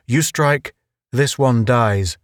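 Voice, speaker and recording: A man's voice: mid-range voice, slow, no echo, studio quality, lightly acted. A man doing a defiant young captive, terse. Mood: threatening. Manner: terse broken phrases, steady and firm.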